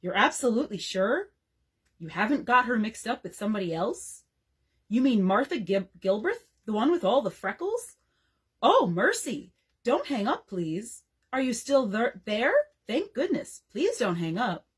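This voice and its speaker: A mischievous younger brother who loves to tease, putting on mock surprise and false delight. A woman reading a storybook gives him voice, with a breathy tone and a lively, bouncing pitch. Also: slow pace, exaggerated voice. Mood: teasing. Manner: mock-incredulous, gleefully teasing. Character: mischievous teasing boy, mock-excited.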